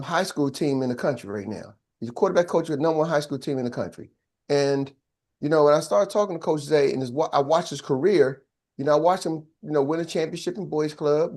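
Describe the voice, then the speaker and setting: An older man coaching a live business masterclass, talking with energy, repeating key phrases and asking his audience to answer back. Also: a little high. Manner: energetic, repetitive and call-and-response.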